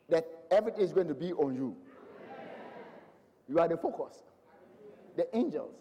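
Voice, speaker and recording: A man preaching a sermon with passion, swinging between loud proclamations and hushed lines. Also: fairly high pitch, lively intonation, moderate pace, pauses often. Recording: long hall reverb.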